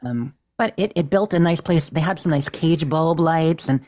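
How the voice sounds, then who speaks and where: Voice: mid-range voice, normal speed, darkish tone. A chatty podcast co-host recapping a game session with a medium voice. The delivery is self-deprecating and easygoing, and laughs come often. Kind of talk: casual chat recapping a game playthrough.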